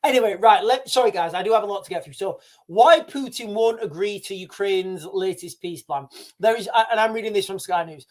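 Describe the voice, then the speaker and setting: A man's voice: sits high, expressive, fairly quick. Rambling man hosting a livestream. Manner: rambling, repeats himself, addresses viewers as guys. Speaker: livestream host. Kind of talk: casual livestream commentary.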